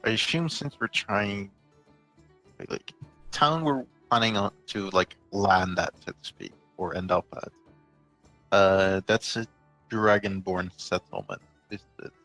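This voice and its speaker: A man's voice: lowish voice, measured pace, a bit bright, soft background music. A man playing a tabletop game, thinking aloud in casual, rambling talk. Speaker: player.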